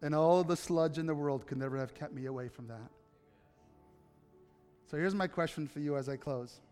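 A pastor preaches in a lively, storytelling way, slipping into the voices of the people in his anecdotes and then rising to fervent calls to the congregation. His voice sits a little high for a man. A long hall reverb trails his words, with faint music underneath. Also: moderate pace, smooth. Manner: animated, acts out dialogue, builds to impassioned appeals. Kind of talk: sermon with personal storytelling.

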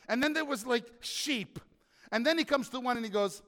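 A male pastor preaches in a church sanctuary, animated and drawing the congregation in with questions. His voice sits high. A long hall reverb trails every phrase. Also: normal speed. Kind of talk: sermon.

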